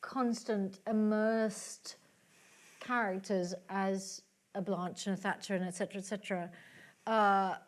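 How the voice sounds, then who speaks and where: A woman's voice: mid-range voice, fairly even intonation, a little slow. A woman in her fifties with a British accent, reflecting thoughtfully as the guest at a live onstage conversation. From United Kingdom and United States. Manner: reflective, searching for words. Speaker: guest actress. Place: public talk in a library hall.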